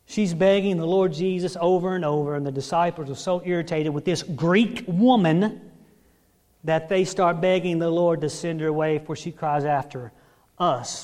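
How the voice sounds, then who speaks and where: A man's voice: on the high side, normal speed, darkish tone. A man preaching a sermon, dramatic, acting out the scripture quotes and calling on the congregation for an amen. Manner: dramatic, acts out quotes, asks congregation for amens. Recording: long reverb of a large hall.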